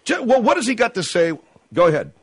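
A man hosting a talk radio show, exasperated and quick to cut callers off. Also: high voice, huge pitch swings, slightly rough, no room sound.

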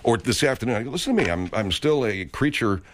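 A man hosting a comedic talk show from a radio studio. He rambles off on tangents and stumbles over his words. His voice is mid-pitched and moves around expressively. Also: animated, a little fast. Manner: rambling, stammering, digressive.

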